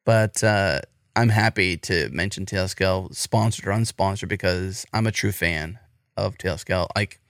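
An American man with a deep, slightly bright voice hosts a podcast, chatting casually in an enthusiastic, rambling way at a moderate pace. The clean studio recording has no echo.

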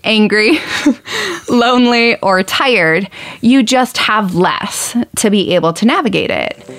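A woman's voice: mid-range voice, animated, slow, a bit bright, no echo, clean studio sound. Earnest woman psychologist explaining. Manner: earnest, emphatic, listing points. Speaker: clinical psychologist. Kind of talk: explanatory podcast talk.

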